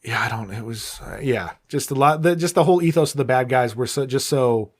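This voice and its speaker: Brief: man, podcast co-host, dry deadpan humor, average pitch. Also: brisk. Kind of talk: casual chat.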